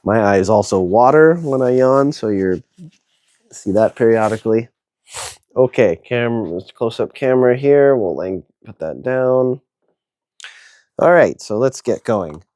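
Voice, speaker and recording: Man, casual build narration, chatty with fillers, tired, mellow tone, dry close sound. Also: medium pitch, animated, a little slow, no echo. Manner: chatty, thinks aloud with many fillers. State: yawning, tired. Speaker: hobby video host.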